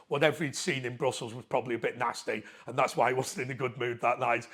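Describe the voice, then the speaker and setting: A man's voice: mid-range voice, fairly bright tone, slightly rough. An English man telling a casual anecdote to camera in a chatty, cheeky way, acting out the dialogue with shifting voices. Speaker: storyteller, channel host.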